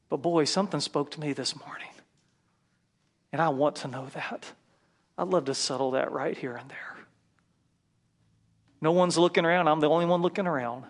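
A man's voice: on the high side, moderate pace, long pauses. A man preaching a sermon as a pastor in a church, leading his congregation in call-and-response and prayer.

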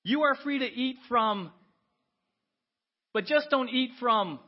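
A man's voice: very high-pitched, expressive, slow, highs cut off. A male pastor preaching a sermon, quoting scripture and asking the congregation questions.

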